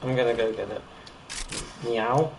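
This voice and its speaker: A man streaming a game, rambling and halting with many fillers as he plays. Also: mid-range voice, fairly even intonation. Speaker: gaming streamer. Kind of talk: casual gameplay commentary. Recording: roomy echo with loud ambient noise.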